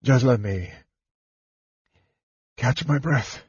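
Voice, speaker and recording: A man voicing a big, weary male warrior in an audiobook, his lines gruff and strained. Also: medium pitch, drawn-out words, darkish tone, dry recording, lo-fi sound, exaggerated voice.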